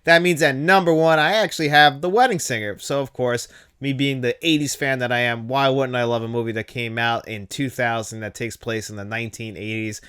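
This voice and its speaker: A man's voice: medium pitch, steady tone, brisk, fairly bright tone, clear, resonant tone. A man in his thirties hosting a casual movie talk show, enthusiastic and laughing now and then. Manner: enthusiastic, laughs at quoted lines. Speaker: host.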